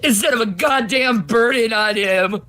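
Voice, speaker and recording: A woman's voice: on the high side, normal speed, noisy background. A woman arguing on a livestream, tearful, pleading and bitter, swearing often. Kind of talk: heated argument on a livestream.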